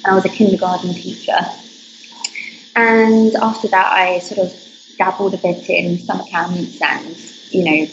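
A woman's voice: on the low side, fairly even intonation, moderate pace. A woman from the UK, an English teacher talking as a guest, chatty and giggly with lots of "sort of" hedges. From United Kingdom. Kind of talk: casual interview chat. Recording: dull lo-fi call line with background noise.

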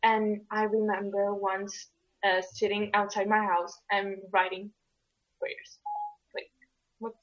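A woman's voice: mid-range voice, little pitch movement, slow, pauses often. A young woman from Italy, casual and rambling, full of fillers and restarts. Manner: rambling, many fillers and restarts, laughs often. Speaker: guest co-host. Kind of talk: casual conversation. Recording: lo-fi dull audio.

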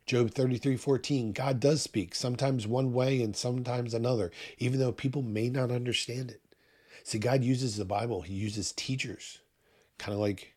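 Middle-aged male pastor, husky, emphatic sermon delivery that speeds up and slows down. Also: medium pitch, a little mellow. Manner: emphatic preaching, pace swinging fast and slow.

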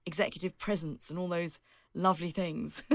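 This is a woman talking as a guest on a podcast, a speaking coach who hands out lively, emphatic tips. She laughs easily. Her voice is close and dry, with no room sound. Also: medium pitch, moderate pace, no echo. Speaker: public speaking coach and author.

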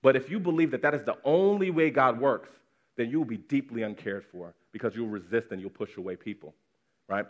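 A man's voice: mid-range voice, brisk. A man preaching a sermon to his congregation in a conversational way, repeating words for emphasis. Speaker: pastor. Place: church congregation.

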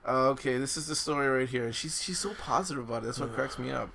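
Gravelly casual man with many fillers. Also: mid-range voice, fast, bright, forceful tone, a little hiss or hum. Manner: laid-back, swears, many fillers. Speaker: podcast co-host reading a news story. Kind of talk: casual chat.

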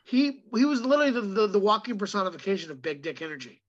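A man who is a comedian, chatting as a podcast guest and telling animated stories with quick impressions. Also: high-pitched, highs cut off. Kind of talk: casual podcast chat.

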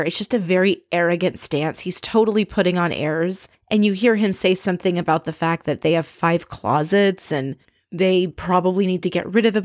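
Woman host, lowish voice, dry close sound; blunt, exasperated recap delivery with frequent swearing. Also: dry recording. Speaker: podcast host recapping a reality show. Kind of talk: casual recap commentary.

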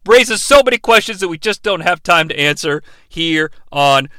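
A man's voice: on the high side, lively intonation, normal speed, sharp tone, dry recording. A man hosting a podcast, recapping an episode with sarcastic, profane asides. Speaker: podcast host.

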